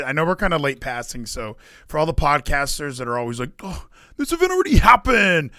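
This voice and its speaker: A man co-hosting a casual wrestling podcast, rambling and excitable, with the odd swear. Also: mid-range voice, no echo, studio quality. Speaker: podcast co-host.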